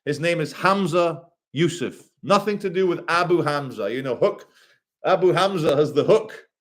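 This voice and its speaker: A man streaming live in a fairly high voice, rambling from one chat comment to the next. He swears freely and throws in quick asides. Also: lively intonation. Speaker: livestreamer. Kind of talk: casual livestream, reading chat.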